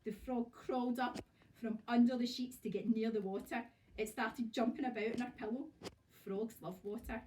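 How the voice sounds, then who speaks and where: A Scottish woman teacher reads a children's story aloud with lively expression. Her voice sits fairly high, and she sounds some way off from the microphone in a classroom. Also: a little hiss or hum. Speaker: primary school teacher. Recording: voice from far off.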